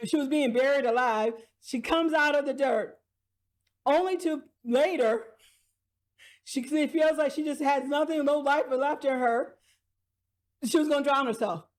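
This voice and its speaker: Woman, high voice, chatty, rambling drama recap, giggles between sentences. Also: a little slow. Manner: chatty, laughs often, restarts sentences. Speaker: drama review vlogger.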